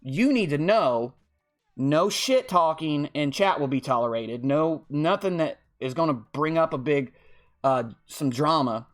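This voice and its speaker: Blunt, profane man with a higher voice. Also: lively intonation, measured pace. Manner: repeats "okay?" to drive points home. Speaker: online football video game league commissioner. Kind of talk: casual unscripted monologue.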